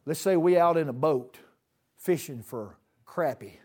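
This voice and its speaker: A man preaching a sermon in a church, folksy, with dramatic swings from loud to hushed. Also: fairly high pitch, unhurried.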